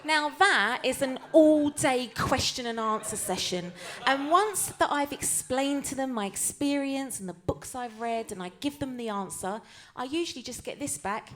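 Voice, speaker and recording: A woman's voice: high voice, animated, normal speed, hardly any pauses, a bit bright. A woman with a Cockney accent doing live stand-up storytelling on a cabaret stage, chatty and self-mocking. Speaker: comedian and tribute performer.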